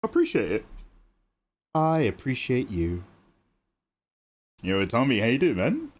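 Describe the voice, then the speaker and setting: A man's voice: mid-range voice, wildly swooping pitch, measured pace. Playful British man chatting on stream. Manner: playful, jokey, thanks viewers by name. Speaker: art livestreamer. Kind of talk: casual livestream chat while drawing.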